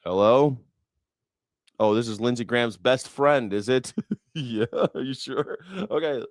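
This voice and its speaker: A man's voice: mid-range voice, measured pace, no echo, clean studio sound. A man hosting a news reaction live stream, rambling in a profane, sarcastic way.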